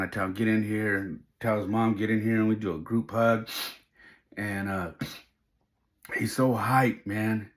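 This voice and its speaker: A middle-aged man hosting a podcast, telling a personal story in an emotional, tearful way while crying. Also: on the low side. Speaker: podcast host.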